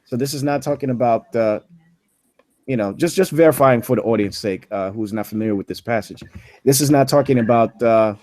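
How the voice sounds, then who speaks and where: A man co-hosting an apologetics chat. His voice sits at an ordinary pitch and sounds dry and close to the mic. He lays out his point patiently and drags out the key words. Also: darkish tone, no room sound. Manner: slows down to stress scripture words. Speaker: apologetics podcast co-host. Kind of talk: casual debate chat.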